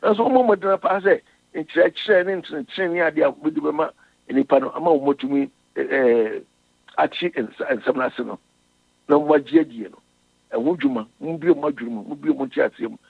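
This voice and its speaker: A man's voice: a little high, vocal fry, dry recording. A man preaching a sermon. He reads scripture in English, explains it in Twi, and restarts often. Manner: halting, with frequent restarts. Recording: tinny radio broadcast.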